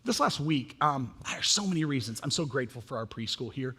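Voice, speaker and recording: Husky-voiced pastor in an echoing church. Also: male voice, mid-range voice, brisk. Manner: animated, self-mocking storyteller. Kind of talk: sermon with humorous family stories. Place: church sanctuary. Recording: long reverb of a church hall.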